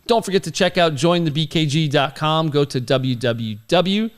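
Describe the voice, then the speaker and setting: A man's voice: a little high, moderate pace, smooth. A man hosting a casual group podcast, upbeat and chatty, laughing often. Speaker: podcast host.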